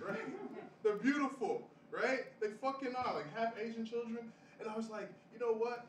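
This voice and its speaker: A man's voice: a little high, brisk. Rambling young male comic, roomy café. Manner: rambling, filler-heavy delivery with frequent laughs at his own jokes. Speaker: stand-up comedian. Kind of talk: stand-up comedy set at an open mic. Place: small café open mic. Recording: roomy live café sound from a distant mic with audience noise.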